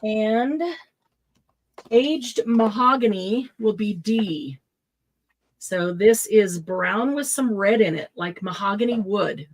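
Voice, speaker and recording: A woman's voice: medium pitch, slow, rough recording. A middle-aged woman hosting a live craft supply sale, chatting casually, laughing often and listing product colors.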